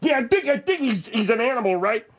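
Radio comedy: a man playing a slow-witted young slacker, husky and lo-fi. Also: very high-pitched, sing-song, voice pushed up, full character voice. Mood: dopey. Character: dim, slangy young guy who mumbles.

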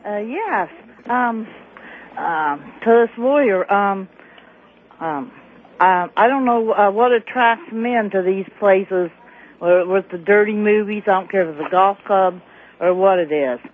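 A woman's voice: medium pitch, measured pace. A woman calling in to a radio show, hesitant and full of ums. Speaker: radio caller. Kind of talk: call-in radio talk. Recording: tinny phone line with faint noise.

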